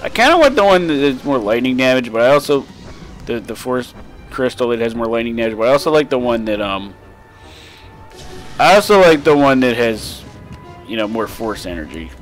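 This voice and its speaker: Animated young man commenting on gameplay. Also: mid-range voice, moderate pace, faint music behind. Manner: casual, rambling, profane, animated with sudden shouts. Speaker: gaming commentator. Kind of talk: let's play commentary.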